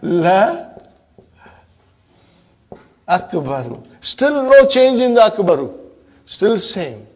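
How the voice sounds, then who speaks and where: A man's voice: sits high, big pitch swings, very slow, pauses often, a little mellow. A man whose first language is Urdu teaches an Arabic grammar lesson, questioning the class and checking in often. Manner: keeps checking in with "huh?" and asks the class questions.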